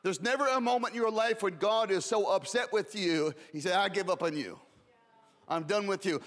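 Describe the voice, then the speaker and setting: A man's voice: high-pitched, moderate pace, fairly bright tone, big-room sound. A man preaching a sermon with passion, repeating words and building in rising waves.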